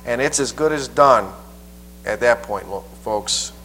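A man preacher teaching a Bible passage verse by verse in a folksy, halting way, often repeating his words. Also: mid-range voice, fairly bright tone, low-quality recording.

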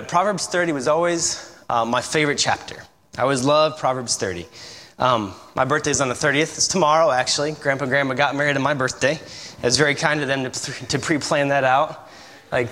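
A man's voice: mid-range voice, a bit bright. Joking man preaching in a church. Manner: self-deprecating, chatty, with laughs. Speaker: visiting missionary preacher. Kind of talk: casual joking sermon. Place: church sanctuary. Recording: church hall reverb, faint room noise.

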